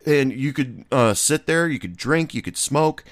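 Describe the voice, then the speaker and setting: A man's voice: mid-range voice, animated, measured pace, no room sound, studio quality. A middle-aged man, a bartender, telling a story in a casual, sarcastic and blunt way.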